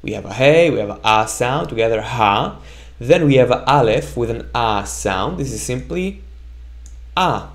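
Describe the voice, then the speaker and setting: A man's voice: medium pitch, lively intonation, gravelly. A man teaching a Hebrew reading lesson, patiently drilling sounds and checking in with "right?" as he goes. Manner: repeats sounds slowly for the learner to echo, often checks with "right?". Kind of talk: slow, patient language lesson.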